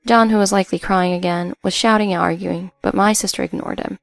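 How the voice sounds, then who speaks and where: A woman reads a first-person story in an even, matter-of-fact way. Her voice carries a gravelly texture and sits at a middle pitch. The sound is dry and close, with faint music underneath. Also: fairly quick, few pauses, no echo. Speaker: narrator.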